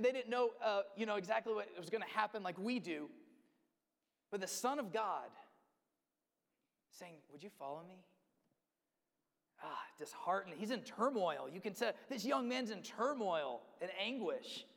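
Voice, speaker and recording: A man's voice: sits high, lively intonation, normal speed, gravelly. A man preaching a sermon, emphatic, acting out quotes and repeating key words. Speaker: pastor. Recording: long hall reverb.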